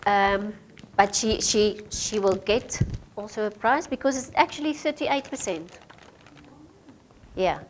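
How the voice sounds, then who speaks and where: A woman's voice: medium pitch, unhurried, long pauses, a little hiss or hum. A woman with a Namibian English accent leading a radio training workshop, asking the group questions, with hesitant fillers.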